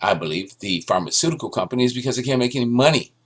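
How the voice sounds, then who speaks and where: A man's voice: mid-range voice, quick pace. A man giving sarcastic, ranting news commentary, often restarting his sentences. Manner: sarcastic, ranting, animated delivery with stammered restarts. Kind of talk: opinionated solo commentary.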